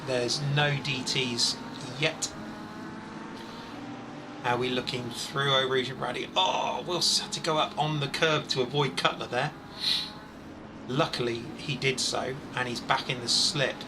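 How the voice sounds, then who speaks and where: A man over forty doing live, chatty commentary on a sim race, excitable when incidents happen. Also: mid-range voice, background noise.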